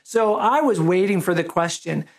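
A man, a pastor, giving a conversational sermon that opens with a personal story, told with a relaxed, self-deprecating humor. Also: high voice, moderate pace, vocal fry.

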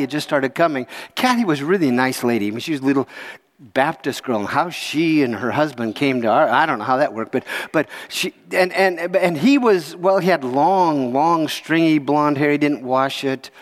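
A man's voice: on the high side, normal speed, big-room sound. A man preaching a sermon as a pastor, telling a story with jokes and asides to the congregation. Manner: animated, jokey, chuckles to the crowd.

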